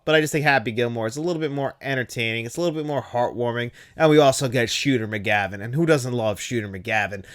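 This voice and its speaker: A man's voice: mid-range voice, quick pace, hardly any pauses. A man in his thirties hosting a casual movie talk show, enthusiastic and laughing now and then. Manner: enthusiastic, laughs at quoted lines. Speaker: host.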